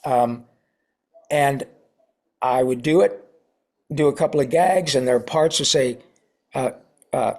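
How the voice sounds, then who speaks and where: A middle-aged man in a casual interview, telling a story with lively asides and acted-out quotes. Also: mid-range voice, slow pace, long pauses. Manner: animated, acts out quoted voices. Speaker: voice actor guest.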